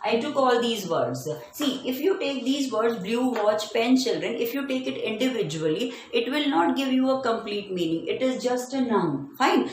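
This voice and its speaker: A woman teacher, explaining grammar to children slowly and deliberately, stretching out her example words. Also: on the high side, lively intonation. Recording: very echoey room, faint hum.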